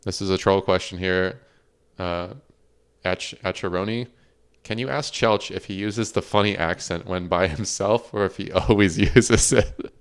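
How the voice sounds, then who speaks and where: A man with a low, smooth, resonant voice hosts a livestreamed podcast in casual chat. He reads out viewer questions and laughs often. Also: measured pace. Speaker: podcast host.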